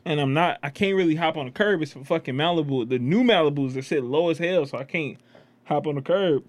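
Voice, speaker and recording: A man's voice: on the high side, fairly quick, no room sound. A young man telling a laid-back story about driving in casual chat.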